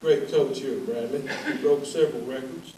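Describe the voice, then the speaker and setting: In a mellow, mid-range voice with fairly even intonation, the former player roasts his old coach at a normal speed, telling folksy, wry stories and laughing as he reaches each punchline. The mic sits at a distance in an echoey hall, with slight background noise.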